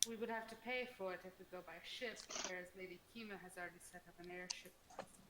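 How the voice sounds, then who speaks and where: A woman playing in a casual tabletop game, chatty and quick to laugh. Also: on the low side, fairly even intonation. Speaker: player. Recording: loud background noise.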